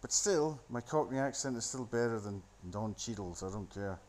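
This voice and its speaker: A man's voice: mid-range voice, animated, moderate pace, a little hiss or hum. Sardonic man mocking a movie. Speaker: solo commentator. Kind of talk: rambling movie commentary. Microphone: phone.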